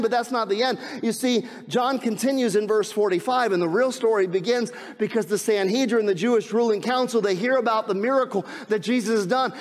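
A male pastor preaching a sermon, swinging from hushed, slow passages to loud, excited ones. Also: extremely high pitch. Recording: long hall reverb.

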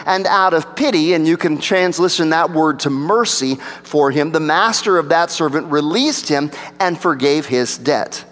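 A pastor preaching a sermon, rising for emphasis and dropping to a low hush. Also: male voice, normal speed, hardly any pauses. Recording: long reverb of a large hall.

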